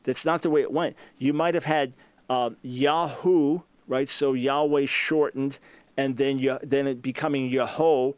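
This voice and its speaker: A man's voice: mid-range voice, fairly even intonation, unhurried, dry recording. A man hosting a radio talk show, answering a listener's question with emphatic, scholarly explanation.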